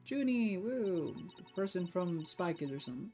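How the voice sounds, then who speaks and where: Brief: laid-back female streamer, slightly low voice, chatty, laughs a lot, voice a bit sore, faint game music behind. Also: expressive, normal speed, hardly any pauses, darkish tone. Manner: chatty, laughs often, self-deprecating. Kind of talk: casual gameplay commentary.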